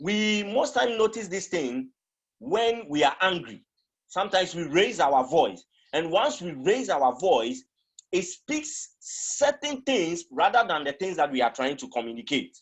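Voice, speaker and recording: A man teaching on marriage in an emphatic, repetitive way, often acting out tones of voice to make a point. His voice sits high and swings widely in pitch. He delivers it as a spoken teaching talk. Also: very animated, unhurried, breathy edge. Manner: emphatic, repeats phrases and demonstrates tones of voice. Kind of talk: teaching talk, switching between languages.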